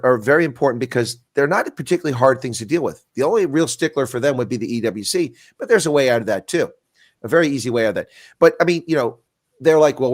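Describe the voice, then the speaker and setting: A man's voice: mid-range voice, dry recording, clean studio sound. A man, a retired colonel and intelligence analyst, making blunt, emphatic arguments in a frank political discussion over a video call. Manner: blunt, emphatic, rapid-fire arguing.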